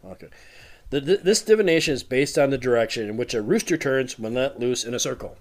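Male co-host, mid-pitched, casual storyteller who swears and laughs a lot. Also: expressive, fast. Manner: storytelling, profane, laughs often. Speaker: podcast co-host. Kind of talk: casual chat.

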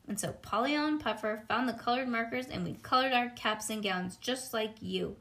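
A woman voicing an eager, sweet little girl who talks breathless and excited. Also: on the high side, moderate pace.

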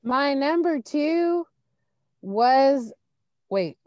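A woman co-hosting a podcast, chatting casually in a blunt, profane, animated way and acting out her own reactions. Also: high voice, drawn-out words, dry recording, dull audio. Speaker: podcast co-host.

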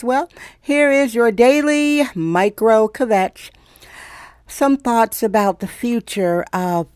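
A woman's voice: mid-range voice, darkish tone, no echo, studio quality. Sarcastic ranting woman podcast host. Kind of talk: daily solo rant podcast.

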